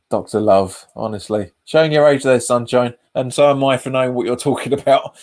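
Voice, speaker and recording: A man's voice: mid-range voice, moderate pace, a little mellow. A man hosts a live football watch-along. He chats casually, repeats his phrases and reads viewer comments aloud. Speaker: fan channel host.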